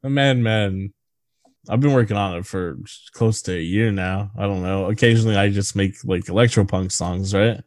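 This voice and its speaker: A man's voice: low voice, steady tone, a little fast, few pauses, darkish tone, no echo. A man co-hosting a podcast, chatting casually about a bad movie, crude and jokey, often laughing. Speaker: podcast co-host.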